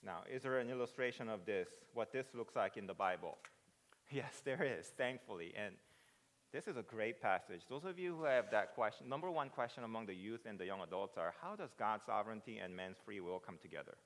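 Animated male preacher in an echoing hall. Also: lowish voice, brisk. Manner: swings from hushed to loud, excited retelling of scripture. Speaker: pastor. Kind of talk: sermon.

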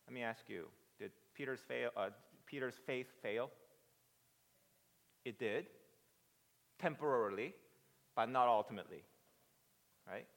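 A man preaching a sermon, moving between hushed reflection and loud, excited retelling. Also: mid-range voice, a little slow, vocal fry, pauses often. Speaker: pastor. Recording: preached in a reverberant hall.

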